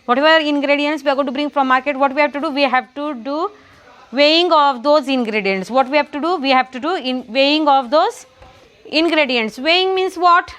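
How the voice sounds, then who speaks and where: A teacher with a Marathi accent runs a classroom lesson, asking the same questions again and again and spelling words out letter by letter. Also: female voice, sits high, brisk, a bit bright.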